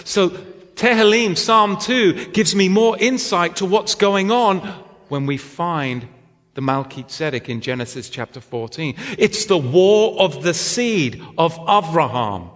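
A British man teaches from scripture at an unhurried pace in a high, light voice. He tends to pose rhetorical questions and then answer them himself. His voice rings with a long reverb, as if in a large hall. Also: lively intonation, fairly bright tone. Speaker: Bible teacher.

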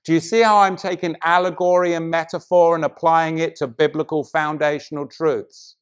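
A middle-aged man delivering a sermon, swinging between loud emphatic preaching and hushed, intimate passages. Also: fairly high pitch, little pitch movement, normal speed, clear, resonant tone.

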